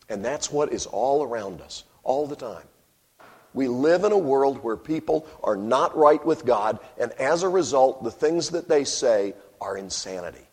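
A man's voice: medium pitch, measured pace, husky. A man preaching a sermon, telling stories wryly and breaking into emphatic bursts. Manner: animated, wry storytelling with sudden emphatic bursts.

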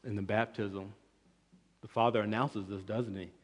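Guy preaching a bible sermon, gets loud then quiet, long echo off the hall. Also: lowish voice, fairly even intonation, normal speed. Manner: emphatic, rising and falling in volume, restarts words. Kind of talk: expository sermon. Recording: long reverb of a large hall.

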